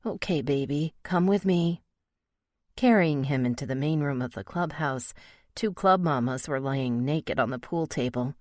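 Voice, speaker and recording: Brief: female romance audiobook narrator, low voice, expressive, dry close-mic studio read. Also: measured pace, no room sound.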